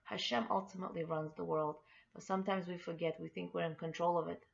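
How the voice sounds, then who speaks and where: A woman's voice: on the low side, steady tone, fast talker, vocal fry. A woman hosting an inspirational podcast, telling a story with earnest, heartfelt faith encouragement. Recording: dull lo-fi recording.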